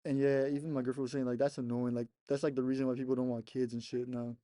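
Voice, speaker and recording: A young man, a podcast co-host, rambles casually through a story, laughing a lot and swearing amid plenty of "like" fillers. His medium-pitched voice is mellow and level, moving at a quick pace. The recording is studio quality with no room sound.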